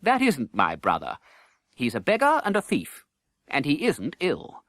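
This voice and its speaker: A man putting on a haughty young boy king in a storybook. The voice sits well above his own and stays insistent. It rings bright and dry. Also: on the high side, wildly swooping pitch, a little slow, no room sound, voice pushed up, full character voice.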